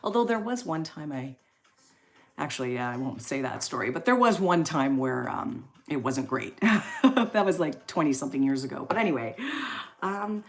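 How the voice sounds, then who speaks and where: A woman's voice: extremely low pitch, lively intonation, moderate pace. A woman in her forties hosting a casual live stream, chatting and reading out viewer comments in a rambling way with lots of fillers. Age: 40s.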